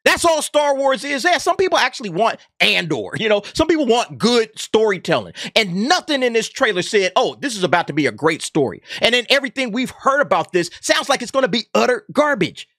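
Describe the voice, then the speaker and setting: A YouTube commentary host delivers a heated opinion rant, sarcastic and emphatic, tagging his points with "okay?". His very high voice is sing-song, a little fast and sharp, with few pauses, in a dry, clean studio recording.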